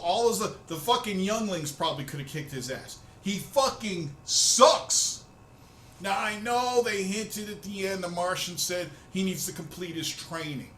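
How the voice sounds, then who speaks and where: A man hosting a profane, excitable fan rant, loud and swearing freely. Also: sits high, echoey room, slight background noise. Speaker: host of a rant video.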